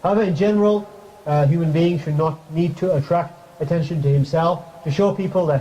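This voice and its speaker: A man's voice: on the high side, dark tone. Man giving a conversational mosque talk. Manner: conversational, asks the audience questions, light jokes; recites Arabic verses quickly. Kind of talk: informal sermon. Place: mosque hall. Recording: crackly muffled recording.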